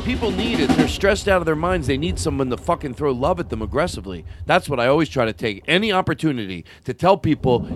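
A man hosting a podcast, boisterous and teasing, swearing freely in loud comic banter. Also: on the high side, very animated, quick pace, hardly any pauses, a little hiss or hum. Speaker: podcast host.

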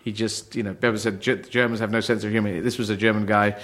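A middle-aged man born in Yemen, a comedian chatting on a podcast, rambling and playful, slipping into quick mock voices. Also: fairly low pitch, level tone, a bit bright. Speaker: comedian guest. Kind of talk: casual podcast chat.

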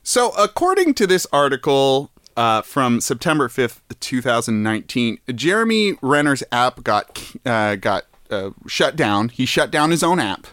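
A man's voice: medium pitch, big pitch swings, a little slow, hardly any pauses, fairly bright tone, no echo, studio quality. A man co-hosting a comedy podcast in casual chat, rambling as he reads from an article. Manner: rambling, reading from an article with fillers. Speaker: podcast co-host.

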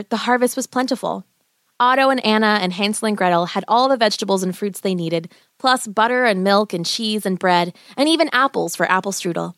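A woman narrating a children's fairy tale in a gentle, even storybook reading. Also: medium pitch, dry recording, clean studio sound.

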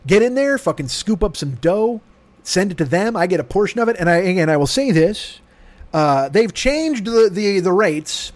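Hoarse man in his fifties, solo podcast host, profane self-deprecating comic rambler. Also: sits high, animated, normal speed. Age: 50s. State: hoarse from yelling. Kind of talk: casual solo podcast monologue. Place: home room with air conditioner.

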